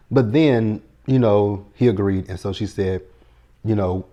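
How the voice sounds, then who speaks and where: A man's voice: lowish voice, takes it slowly, a bit bright, muffled recording. A man, recapping a TV episode in a blunt, sassy, profane casual chat. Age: 30s.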